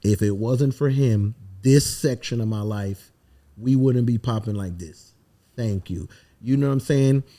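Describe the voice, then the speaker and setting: A man from the Virgin Islands, a songwriter telling animated, emphatic stories and swearing freely in a casual podcast interview. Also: mid-range voice, a little slow. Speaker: songwriter guest.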